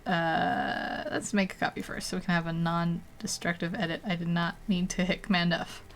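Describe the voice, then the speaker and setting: A woman's voice: lowish voice, little pitch movement, normal speed, slight background noise. Giggly woman chatting while drawing. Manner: chatty, thinks aloud, laughs often. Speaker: digital artist streaming. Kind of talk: live-stream chat while drawing.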